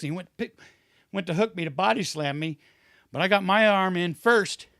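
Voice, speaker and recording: A man's voice: high-pitched, moderate pace, creaky, sharp tone, dry recording, clean studio sound. A man in his fifties, a retired wrestler, casually telling long rambling stories on a podcast, acting out what people said. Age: 50s. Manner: rambling anecdotes with acted-out quotes. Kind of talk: casual storytelling chat.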